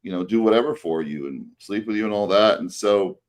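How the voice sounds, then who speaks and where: A man with a low voice tells a story on a podcast, looping back through fillers and false starts. His delivery is loose and conversational, a co-host talking with a friend. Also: brisk. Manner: rambling anecdote with many fillers and restarts. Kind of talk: casual storytelling chat.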